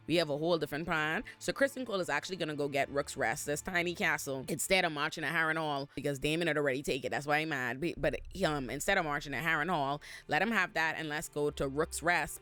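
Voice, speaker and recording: A man recaps a TV episode straight to camera, swinging between outrage and laughter and acting out each character in turn. His talk is loud, profane and full of put-on voices. Faint music sits underneath. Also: on the high side. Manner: expressive, profane, acts out characters. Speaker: show recap host. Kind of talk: animated TV recap commentary. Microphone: facing camera.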